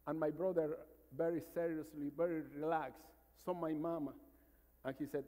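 A priest in his fifties from Mexico with a Mexican Spanish accent, preaching a sermon with stories and calls for amens, sometimes dropping to a hushed voice. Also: fairly high pitch, moderate pace. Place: large church. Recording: church reverb.

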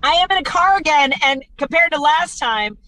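A woman from Chicago with a high voice tells funny stories and slips into the voices of the people she quotes. She is talking over a video call from a parked car. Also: moderate pace, no room sound, low-quality recording. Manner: animated storyteller acting out quoted voices. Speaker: comedian and radio host. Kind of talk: storytelling stand-up set.

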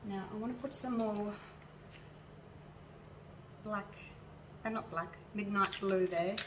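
A chatty Australian woman shows off her resin craft in an easygoing tutorial, describing each step aloud and addressing viewers directly. She speaks slowly in a medium-pitched voice, a little away from the mic, with faint background noise.

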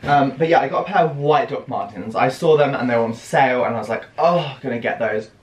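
A man's voice: mid-range voice, quick pace. Young man, British accent, casual haul chat, big gasps, roomy echo. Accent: British English. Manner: gushing, theatrical gasps and squeals. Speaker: fashion vlogger. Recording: echoey room with faint ambience.

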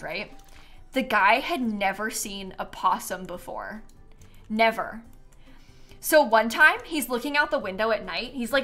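Young woman from Florida, streamer, rambling chat, bright voice, a little high, faint music behind. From Florida, USA. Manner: chatty and rambling, laughs often, lots of "like". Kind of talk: casual chat while playing a game.

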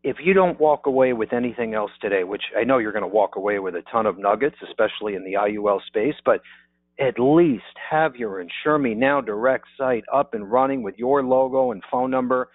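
A man's voice: mid-range voice, fairly quick, no echo. A man giving an upbeat sales presentation on a webinar, checking in with his audience with repeated "okay?" asides. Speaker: insurance marketing presenter. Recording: dry, phone-like narrow audio.

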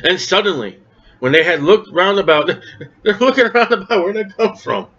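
A man with a rather high voice leads a lively verse-by-verse Bible study sermon. He talks in a conversational way and acts out the people he quotes. The recording sounds dull and lo-fi. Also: moderate pace. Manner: animated and conversational, acting out quoted speakers. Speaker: Bible teacher.

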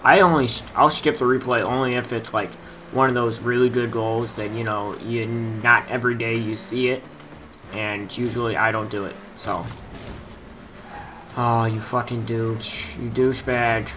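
A man's voice: medium pitch, fairly even intonation, measured pace, pushed and bright, poor audio. Young man, gaming commentary, cursing and grumbling, desk mic, faint background noise. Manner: frustrated, swears a lot, mutters at opponents. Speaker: gaming youtuber. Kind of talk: swearing gameplay commentary.

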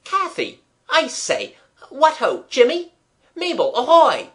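A reader voicing a brave schoolboy who puts on a loud, hearty cheer in a storybook reading. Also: mid-range voice, sing-song, moderate pace, pitched above the performer's own voice.

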